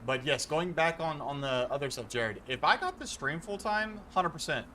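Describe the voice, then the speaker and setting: A man's voice: a little high, expressive, normal speed, bright, forceful tone, a little hiss or hum. A young man streaming a game, talking casually and earnestly to his viewers from a home setup, rambling and restarting as he explains. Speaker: gaming streamer.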